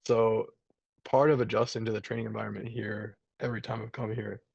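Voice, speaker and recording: A man's voice: lowish voice, level tone, brisk, gravelly, darkish tone, dull audio. A man, a jiu-jitsu brown belt, chatting casually over a video call, rambling with lots of fillers and restarts.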